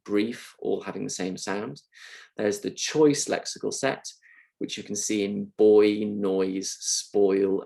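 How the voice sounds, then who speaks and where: Low gravelly male lecturer. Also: darkish tone, rough recording. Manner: clear, measured explaining with occasional fillers. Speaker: university lecturer. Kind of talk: recorded lecture.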